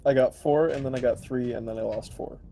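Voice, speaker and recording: A man's voice: medium pitch, steady tone, fairly quick, creaky, dark tone, faint music behind. A man playing in a tabletop game, giving laid-back, terse replies. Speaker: player. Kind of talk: casual tabletop play.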